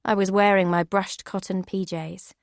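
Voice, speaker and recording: A woman giving steady, measured first-person audiobook narration. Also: mid-range voice, vocal fry, no room sound, studio quality.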